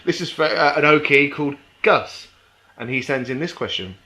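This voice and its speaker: A man's voice: fairly high pitch, moderate pace, background noise. A man co-hosting a podcast in casual chat, jokey and rambling, laughing often. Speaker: podcast co-host.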